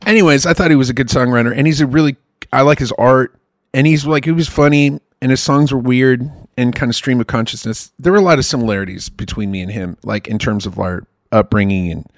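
A man co-hosting a podcast who tells rambling, profane, animated stories in casual chat. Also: medium pitch, fast, no echo, clean studio sound. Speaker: podcast co-host.

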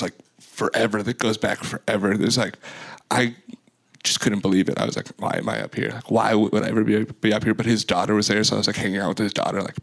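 Laid-back young man, deep voice. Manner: loose, rambling, heavy use of "like". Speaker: guest, DJ and music producer. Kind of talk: casual interview storytelling.

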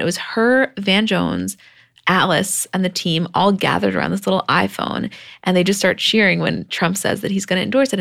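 A woman's voice: fairly low pitch, creaky, a bit bright. A woman co-hosting a podcast, chatty and casual, recapping with fillers and laughs. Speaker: podcast co-host. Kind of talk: casual chat and ad read.

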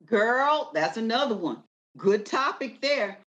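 A woman's voice: on the high side, slow, highs cut off. Emphatic woman in preacher mode. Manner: lively, animated storytelling. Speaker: guest. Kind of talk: casual conversation.

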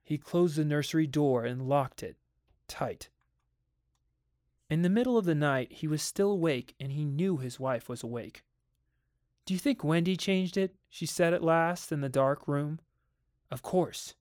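A man narrates a story in a measured voice and slows down for the ominous moments. His voice sits a little high, and the recording is close and dry. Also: darkish tone, no echo. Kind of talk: dramatic audiobook reading.

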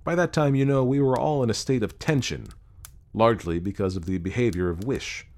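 A man narrating a ghost story in a measured, dramatic reading. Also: mid-range voice, darkish tone. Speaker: audiobook narrator. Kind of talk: scripted narration.

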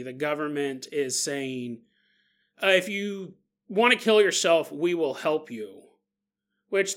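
Man, podcast host, high voice, casual joking monologue, laughs a lot, acts out quotes. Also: bright, forceful tone.

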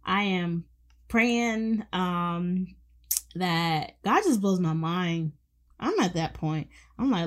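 A woman's voice: lowish voice, animated, slow. A young woman hosting a faith podcast, speaking fervently and affectionately, repeating phrases for emphasis and calling her listeners honey and baby. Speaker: podcast host.

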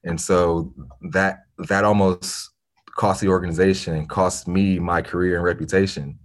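A man's voice: deep voice, flat delivery, moderate pace. A man, telling his story as a guest in a podcast interview, earnest and reflective with occasional restarts. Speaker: nonprofit founder, podcast guest.

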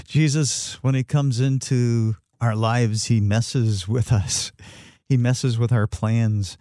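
A man co-hosting a faith podcast, talking in a thoughtful, measured way. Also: mid-range voice, steady tone, mellow, no echo. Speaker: podcast co-host. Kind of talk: casual reflective chat.

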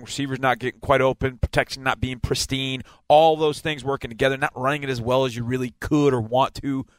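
In a dry recording with no room sound, a man with a mid-range voice breaks down a football game plan. As a football analyst, he pounds on his points with emphasis, repeating the important ones so they stick.

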